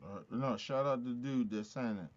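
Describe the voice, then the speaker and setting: Laid-back slangy host, muffled lo-fi line. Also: male voice, medium pitch, normal speed. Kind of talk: casual chat.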